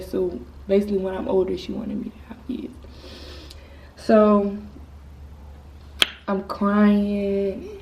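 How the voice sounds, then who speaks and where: A woman's voice: medium pitch, dull audio. Teen girl telling a candid story. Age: teens. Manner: casual, rambling, candid. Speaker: vlogger. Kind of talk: storytime vlog. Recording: slightly distant mic with faint noise.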